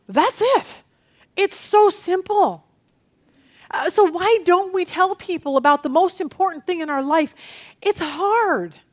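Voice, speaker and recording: A middle-aged woman teaching a women's Bible study, chatty and animated, telling stories against herself. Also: extremely high pitch, measured pace. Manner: animated, chatty, self-deprecating storytelling.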